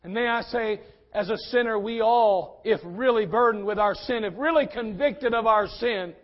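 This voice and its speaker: A male pastor delivers an impassioned sermon in a church, his volume surging and falling. His voice sits high for a man. The recording is dull and lo-fi. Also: animated, normal speed. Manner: impassioned preaching with big swings in loudness.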